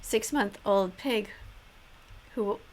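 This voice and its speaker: A woman's voice: medium pitch, very slow, slight background noise. A woman commenting on videos in an earnest, emotional way, close to tears. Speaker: vegan activist vlogger.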